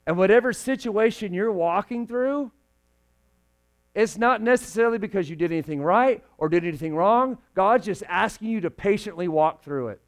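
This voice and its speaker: A young man preaching to a congregation, his voice sitting a little on the high side. He presses hard on key lines, then drops to a hushed, intimate tone. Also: moderate pace. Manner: animated, swings from loud emphasis to hushed. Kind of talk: sermon.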